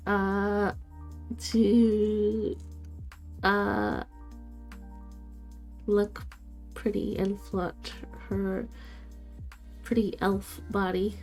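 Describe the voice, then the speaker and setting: A woman's voice: mid-range voice, level tone, extremely slow, long pauses, darkish tone, faint music behind. A woman playing a character in a tabletop game, giggly and playful, often hesitating. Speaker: player.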